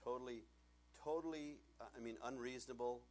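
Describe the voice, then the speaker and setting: A middle-aged man, a pastor preaching a sermon in a joking, animated way and acting out the people he quotes. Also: mid-range voice, brisk.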